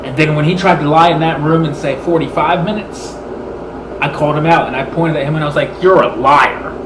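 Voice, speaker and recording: A man's voice: a little high, fast talker. Heated man retelling a workplace fight. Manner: animated, swearing, replays arguments in quoted dialogue. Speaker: vlogger. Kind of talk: angry storytelling rant. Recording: echoey room with background hum.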